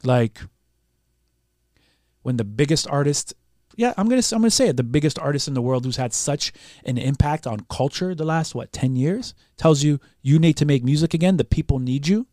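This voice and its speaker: Fairly high-pitched and a little fast, a man from Canada tells a casual story as a podcast guest, swearing freely and animatedly acting out what others said. The studio-quality recording is dry.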